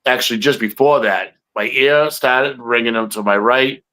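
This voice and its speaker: A man's voice: medium pitch, normal speed, bright, forceful tone, low-quality recording. A man co-hosting a podcast, telling a field story in a rambling way with many fillers. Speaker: podcast co-host, Bigfoot investigator. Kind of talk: casual chat.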